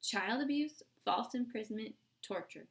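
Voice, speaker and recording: A woman voicing a brash female defense lawyer who makes sharp, threatening legal demands. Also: fairly high pitch, animated, unhurried, creaky. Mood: forceful.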